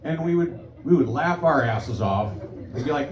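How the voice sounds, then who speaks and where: A man's voice: on the high side, lively intonation, unhurried. A man in his forties doing a stand-up set in a bar, rambling and profane, full of ums and restarts. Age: 40s. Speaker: stand-up comic. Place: bar comedy stage. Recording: echoey live bar, distant mic, crowd noise. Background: crowd, ambience.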